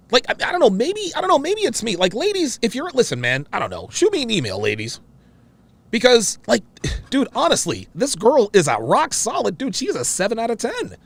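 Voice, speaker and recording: A man hosting a reaction show, commenting on a clip in an excitable way and often repeating himself. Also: high-pitched. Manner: excitable, interrupts and repeats phrases.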